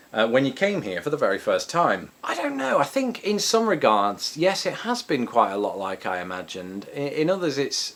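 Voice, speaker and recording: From his Chicago home, an English vlogger with an English accent answers viewer questions in casual chat, full of ums and restarts. He's from England, and his voice is lowish and a bit bright.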